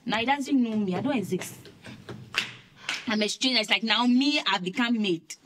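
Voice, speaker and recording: An actress playing an exasperated young sister who stammers and repeats herself. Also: female voice, fairly high pitch, moderate pace, background noise, natural voice. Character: young woman, an indignant, flustered sister.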